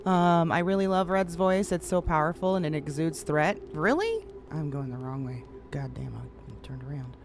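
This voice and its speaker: A woman's voice: deep voice, expressive, normal speed, few pauses, noisy background. A woman streamer chatting casually with her viewers, swearing freely. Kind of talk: casual live-stream chat.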